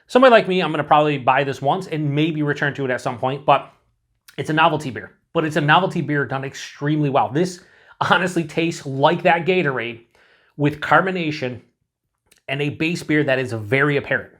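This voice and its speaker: A man's voice: a little high, a little fast, a bit bright. A man reviewing a beer on his own in a casual, rambling way, full of fillers and restarts, cheerful and swearing now and then.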